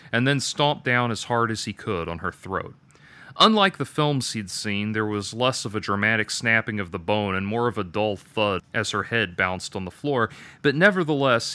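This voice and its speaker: A man reading his own dark story aloud with a measured, detached delivery. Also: fairly low pitch, clear, resonant tone, no echo. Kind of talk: dramatic story narration.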